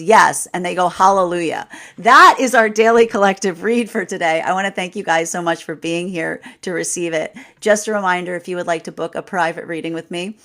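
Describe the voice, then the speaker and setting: A woman's voice: fairly low pitch, fairly bright tone. A woman tarot reader giving a live daily reading, chatty and repetitive, laughing often and asking "right?".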